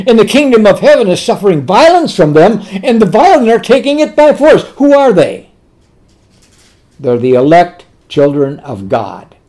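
Lively preacher asking and answering questions. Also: male voice, sits high. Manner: asks rhetorical questions and answers them himself; slows down and drops to a soft voice on tender words. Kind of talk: sermon.

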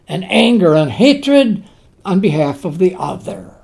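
Slow, mellow-voiced preacher. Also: mid-range voice, big pitch swings, gravelly. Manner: slow and deliberate, repeating key words for emphasis; folksy, conversational asides. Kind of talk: sermon on a parable.

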